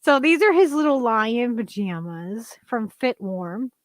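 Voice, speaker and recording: A woman co-hosting a casual livestream, rambling and chatty with lots of "like" and quick laughs. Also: fairly high pitch, sing-song, dry recording. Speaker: co-host.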